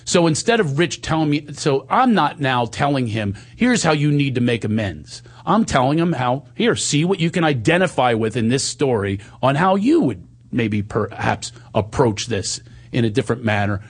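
Husky man telling a candid story. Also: medium pitch, sing-song, moderate pace.

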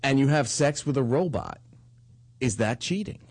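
Male co-host, animated comic banter, lively delivery. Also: medium pitch, normal speed. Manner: animated, joking, talks over others. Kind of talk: casual comedic banter.

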